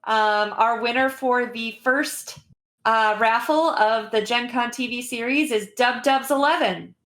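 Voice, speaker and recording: A woman's voice: fairly high pitch, unhurried, a bit bright. A woman hosting a game stream, chatting casually with frequent ums and uhs as she wraps up. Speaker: host. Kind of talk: casual livestream wrap-up.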